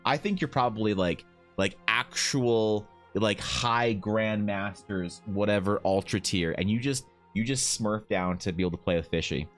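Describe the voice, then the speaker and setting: A man keeps up a moderate pace with hardly any pauses, soft music behind him, as he draws during a casual live stream. Reading his viewers' messages, he jokes around and teases, his pitch rising and falling.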